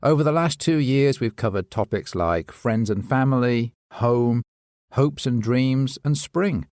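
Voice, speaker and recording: A man's voice: medium pitch, measured pace, darkish tone, no room sound, clean studio sound. A man who hosts a poetry podcast, chatting as a guest in an upbeat, friendly way. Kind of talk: scripted podcast chat.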